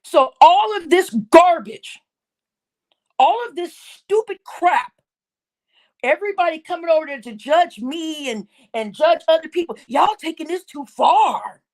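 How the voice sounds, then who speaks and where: A woman's voice: very high voice, expressive, unhurried, darkish tone. A woman hosting a livestream, scolding her viewers in a heated, indignant rant and repeating her points. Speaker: livestream host.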